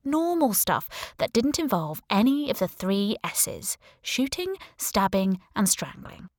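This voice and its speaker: A woman's voice: mid-range voice, very animated, takes it slowly, a little mellow, no room sound, clean studio sound. A woman narrating a first-person audiobook in a wry, breezy storytelling manner.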